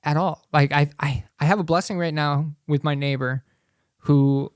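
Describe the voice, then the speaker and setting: A man's voice: fairly high pitch, fairly even intonation, moderate pace, clean tone, no room sound, clean studio sound. A man in his thirties, co-hosting a podcast in casual, rambling chat full of swearing. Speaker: podcast co-host.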